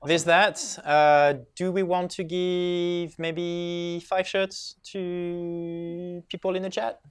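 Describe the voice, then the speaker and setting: A man co-hosts a live stream in a relaxed way and speaks directly to viewers. His voice is smooth and clean, and it sounds dry and close. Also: high voice, slow, no echo. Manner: relaxed, informal, addresses viewers. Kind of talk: casual live-stream announcements.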